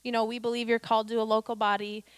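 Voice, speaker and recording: A woman's voice: fairly high pitch, little pitch movement, rapid-fire, clear, resonant tone, no echo. A woman pastor delivering a conversational sermon, reading scripture and building to emphatic declarations.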